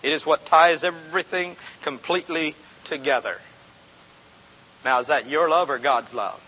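His voice sits on the high side and is husky, moving at a moderate pace. The man, a pastor in his sixties, gives a homespun sermon full of questions to the congregation and chuckles, on a dull lo-fi recording.

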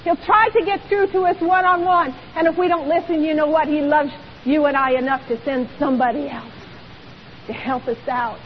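A woman's voice: sits high, fairly even intonation, normal speed. A woman preacher delivering a sermon in church, emphatic and full of rhetorical questions. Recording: dull lo-fi recording with long hall reverb and faint hiss.

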